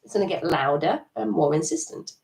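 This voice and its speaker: A woman's voice: on the low side, expressive, fairly quick, gravelly, noisy background. A middle-aged woman coaching a live EFT tapping session, chatty and encouraging, laughing at herself. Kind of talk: live-stream coaching talk. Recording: echoey room, distant mic.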